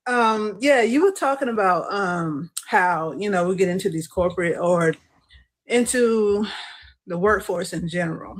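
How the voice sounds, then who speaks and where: A woman's voice: mid-range voice, expressive, a little slow. A woman from Georgia calling into a live show, speaking tentatively with fillers. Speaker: caller. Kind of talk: phone-in call.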